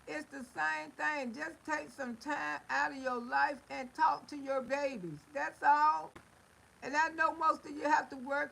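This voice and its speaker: A middle-aged woman talks straight into her phone during a livestream. Her voice sits high and carries a gravelly edge. She scolds her viewers in a folksy way and drifts into stories. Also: sharp tone, slight background noise, low-quality recording. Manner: folksy, scolding, storytelling with laughs and exclamations. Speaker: livestream host. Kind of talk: casual livestream talk to viewers.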